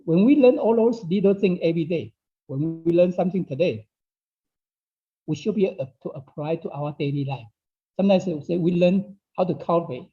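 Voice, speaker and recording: A man's voice: fairly high pitch, warm tone. A man teaching an online Dao study class in English that is not his first language. He repeats his phrases and keeps checking in with his listeners by asking "okay?". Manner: non-native English phrasing. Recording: dull lo-fi online class audio.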